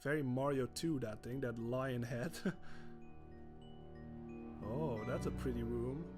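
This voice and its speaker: A man's voice: medium pitch, slow pace, music in the background. A man streaming a video game, chatting casually as he plays, laughing often and swearing freely. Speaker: gaming streamer. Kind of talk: gameplay commentary.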